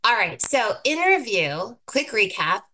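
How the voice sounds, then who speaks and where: A woman giving a live online presentation with slides, brisk and upbeat, repeating key words for emphasis. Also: mid-range voice, very animated, pushed and bright. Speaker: guest presenter teaching thumbnail design.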